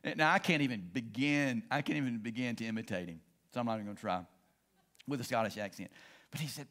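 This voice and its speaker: A middle-aged male pastor preaching a sermon and telling stories, swinging between excited and hushed delivery. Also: medium pitch, quick pace.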